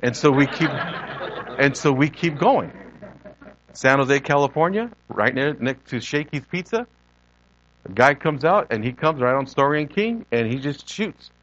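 A man's voice: medium pitch, a little slow, dull audio, slight background noise. A middle-aged man, a lay preacher and missionary, giving an unscripted sermon full of personal stories and acting out the voices he quotes. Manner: earnest storytelling, animated quoted voices.

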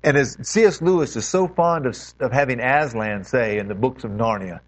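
A man's voice: mid-range voice, moderate pace, hardly any pauses. A man preaching a sermon as pastor, earnest and exhorting, leaning hard on key phrases. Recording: dull lo-fi recording.

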